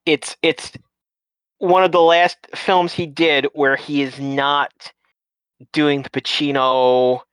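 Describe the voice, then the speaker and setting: A man's voice: on the high side, little pitch movement, slow, fairly bright tone, smooth, no room sound, rough recording. A man in casual chat who rambles, restarting and repeating words often.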